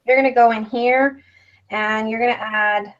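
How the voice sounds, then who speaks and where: A woman walks viewers through a craft project on a live stream, explaining each step in a chatty, relaxed way. Her voice sits a little high. The recording sounds dull and lo-fi. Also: moderate pace. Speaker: craft tutorial host.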